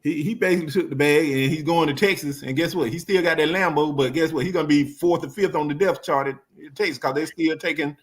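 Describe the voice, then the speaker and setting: A man's voice: on the high side, quick pace, few pauses. A man on a sports talk panel who gives blunt, joking opinions and laughs often. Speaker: show panelist.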